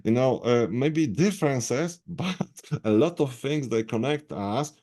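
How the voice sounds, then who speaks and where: Halting man interviewing. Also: medium pitch, expressive, mellow. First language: Polish. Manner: halting, many fillers and restarts, laughs often. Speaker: radio interviewer. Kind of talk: casual interview chat.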